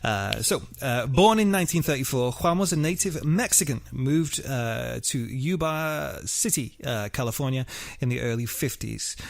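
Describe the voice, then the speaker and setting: Male podcast host, gravelly, dry close mic, chatty and filler-heavy. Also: a little high, dry recording. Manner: chatty, laughing often, many fillers. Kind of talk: casual podcast chat and true-crime narration.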